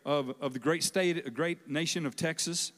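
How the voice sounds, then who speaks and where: A man, a pastor, introducing a guest speaker to his church with halting, filler-laden speech. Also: a little high, steady tone, fairly bright tone. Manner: halting, with many fillers and restarts. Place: large church hall. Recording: reverberant church hall.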